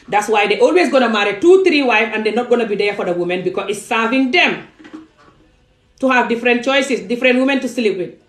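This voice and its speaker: A young woman speaks straight into her camera, emphatic and pleading, firing off rhetorical questions. Her voice sits at a middling pitch. The room around her is echoey. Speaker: vlogger. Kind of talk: impassioned direct-to-camera monologue. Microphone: phone or camera facing her.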